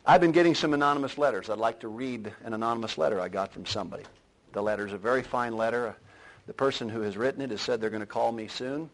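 A man preaching a sermon, swelling to loud emphatic lines and then dropping to a low, quiet delivery. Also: quick pace, low-quality recording. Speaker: pastor.

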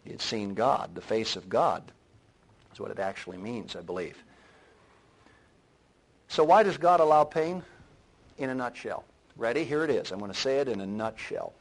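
A man preaching a sermon, swelling to loud emphatic lines and then dropping to a low, quiet delivery. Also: sing-song, moderate pace, long pauses, rough recording. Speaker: pastor.

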